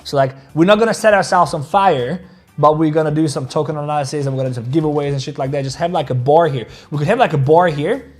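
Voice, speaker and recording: A man with a slightly high voice and quick pace runs a crypto trading livestream, rambling, swearing freely, and reading viewer comments aloud. He also jokes with viewers about their likes.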